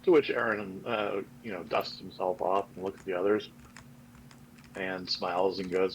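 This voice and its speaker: A man's voice: sits low, fairly even intonation, moderate pace, a little hiss or hum, poor audio. A man narrating his characters' actions in a tabletop game, hesitant and full of fillers. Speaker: player.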